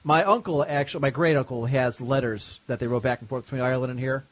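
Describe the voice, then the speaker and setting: A man's voice: mid-range voice, fast, no echo. Blunt man hosting a comedy podcast. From United States. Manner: blunt, teasing, reads segments aloud. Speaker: podcast host. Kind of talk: casual comedy podcast banter.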